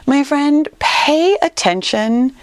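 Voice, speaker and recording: Lady doing a motivational solo talk, voice jumps up and down a lot, dry close sound. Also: no room sound. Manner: earnest and emphatic, with animated pitch leaps and drawn-out stressed words.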